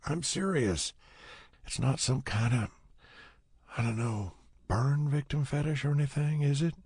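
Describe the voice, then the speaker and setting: Guy doing a wry teasing young woman, voice pushed up higher, gravelly and husky underneath. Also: unhurried, darkish tone, dry recording, clean studio sound. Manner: teasing, needling questions. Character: wry self-mocking young woman, quick teasing wit.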